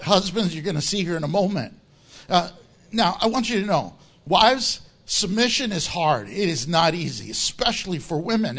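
A man preaching a sermon as pastor, animated and joking, often laughing as he teaches. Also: high voice.

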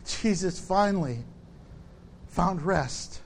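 High-pitched preacher man, slow and animated. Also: vocal fry, a little hiss or hum. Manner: animated preaching, acts out quoted people in a high shout. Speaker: pastor. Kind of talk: sermon.

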